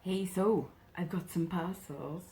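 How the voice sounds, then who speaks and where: A woman vlogger chatting casually as she unboxes parcels, gushing and excitable. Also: lowish voice, slow, background noise.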